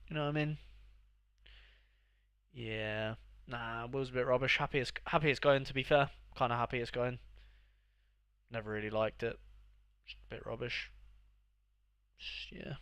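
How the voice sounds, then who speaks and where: A man's voice: medium pitch, fairly bright tone, clean tone, dry recording. A young man streaming live, rambling and sarcastically mocking himself as he chats. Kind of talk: live gaming stream chat.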